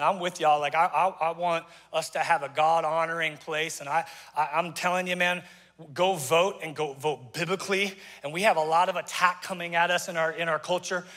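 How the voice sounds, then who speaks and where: A man preaching an energetic sermon as pastor, excitable and folksy, stumbling and repeating himself, a bit out of breath. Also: a little high, long reverb tail. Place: church sanctuary.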